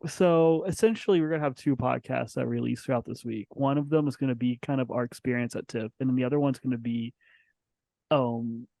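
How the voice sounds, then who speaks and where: A man's voice: medium pitch, brisk, gravelly, mellow, no room sound. A man hosting a casual podcast with a group of guests, laid-back, with frequent ums. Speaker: podcast host.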